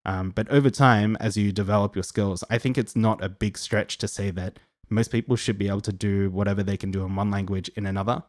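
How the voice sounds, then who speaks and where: A man's voice: fairly low pitch, fairly even intonation, a little fast, a little mellow, dry recording, studio quality. A young Australian man hosting a casual live Q&A, friendly and rambling with lots of ums and restarts. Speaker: livestream host answering viewer questions.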